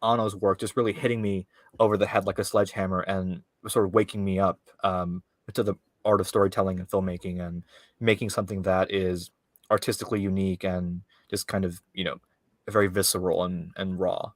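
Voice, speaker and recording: A man's voice: deep voice, level tone, brisk, dry recording, studio quality. A man, a filmmaker guest, chatting casually in an interview with lots of fillers, restarts and laughs. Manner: rambling, many fillers and restarts, laughs often.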